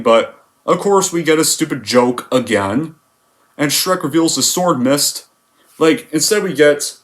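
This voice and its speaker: A man giving an exasperated, emphatic film review rant, swearing often as he complains. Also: fairly high pitch. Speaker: movie reviewer.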